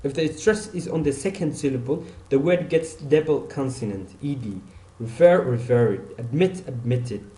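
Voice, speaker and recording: A man's voice: mid-range voice, moderate pace, dark tone, echoey room. A man teaching an online English grammar lesson, repeating example words and saying "okay" often.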